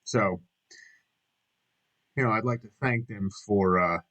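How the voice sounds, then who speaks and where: A man's voice: on the low side, slow, fairly bright tone, low-quality recording. A middle-aged man rambling through a casual vlog monologue, jokey and self-mocking, with frequent swearing. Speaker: vlogger.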